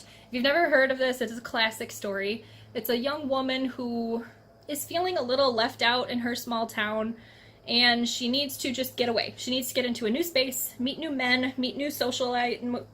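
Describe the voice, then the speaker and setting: A woman's voice: fairly high pitch, fairly bright tone. A young adult woman chatting casually and enthusiastically about books she has read, laughing often. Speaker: book reviewer. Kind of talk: casual book review vlog.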